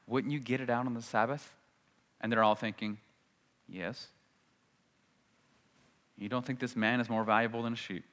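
A male pastor delivers a sermon in a bright, forceful voice. He keeps it conversational, tossing rhetorical questions to the room. The sound carries a long hall reverb. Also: medium pitch, fairly even intonation, normal speed, pauses often.

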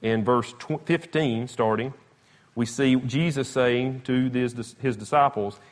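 A man's voice: medium pitch, slow. Conversational preacher man. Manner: conversational, emphatic, retells scripture with animated quotes. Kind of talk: Bible teaching sermon. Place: church or classroom with slides.

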